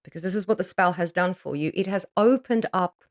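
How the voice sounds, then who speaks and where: Blunt, low-voiced woman talking frankly. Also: fairly quick. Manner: blunt and frank, swears freely; chatty, with frequent fillers and tag questions. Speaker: spiritual practitioner offering spell consultations. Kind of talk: casual to-camera talk.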